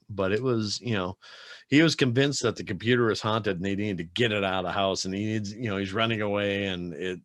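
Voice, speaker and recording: A man's voice: fairly low pitch, a bit bright, no room sound, clean studio sound. A man hosting a podcast, chatting casually and telling rambling stories with laughs. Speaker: podcast host. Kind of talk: casual chat.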